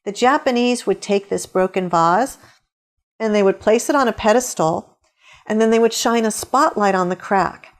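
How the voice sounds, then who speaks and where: A woman's voice: medium pitch, moderate pace. A middle-aged woman answering interview questions with upbeat, storytelling advice. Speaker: guest author.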